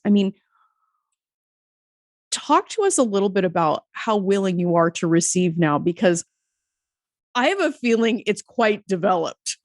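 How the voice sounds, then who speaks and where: A woman's voice: mid-range voice, a little mellow, dry recording. This is an American woman hosting a podcast, her voice a bit nasal and her delivery emphatic and encouraging. The sound is dry and close, with no room around it. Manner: emphatic and encouraging, with casual swearing. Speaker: podcast host. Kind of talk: podcast interview.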